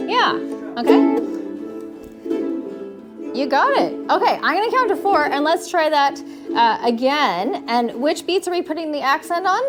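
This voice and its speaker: A woman with a Canadian accent leads a ukulele class, patient and encouraging, checking in often. Her voice sits high and her pace is slow and careful. Loud ukulele strumming plays behind her. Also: expressive, loud music behind the voice. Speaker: ukulele teacher. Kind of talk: live group music lesson.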